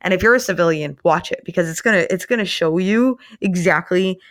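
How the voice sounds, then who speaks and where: This woman, a police officer, hosts a podcast late at night, sounding tired as she rambles through a casual monologue full of swearing, emphasis, and fillers. Her voice sits on the low side and moves fairly quickly.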